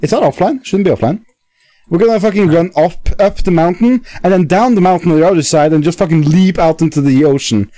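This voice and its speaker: A man's voice: high-pitched, brisk, warm tone, dry recording. A man with a Norwegian accent hosting a casual livestream chat, crude, swearing and giggly. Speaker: stream host.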